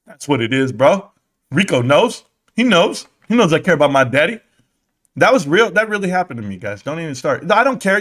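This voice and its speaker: Brief: man live-stream ranter, high-pitched, profane, joking, rambling. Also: a bit bright. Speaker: live-stream stock commentator. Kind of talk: casual live-stream rant.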